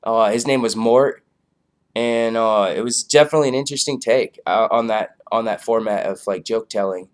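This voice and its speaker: A man's voice: mid-range voice, moderate pace. A man casually reviewing a comedy show, rambling loosely with lots of fillers. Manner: loose, filler-heavy, laid-back.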